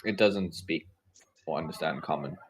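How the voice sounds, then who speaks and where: Brief: deep-voiced male game master, relaxed and chatty, faint hiss in the background. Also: moderate pace, poor audio. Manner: relaxed, describes combat with fillers. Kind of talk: narrating a tabletop game.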